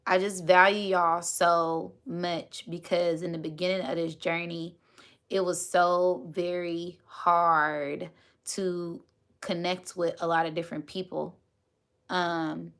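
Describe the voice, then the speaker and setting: Woman host, bright, forceful voice, chatty livestream talk. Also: fairly low pitch, level tone, slow pace. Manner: chatty, thanks viewers often, says y'all. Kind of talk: casual livestream chat to viewers.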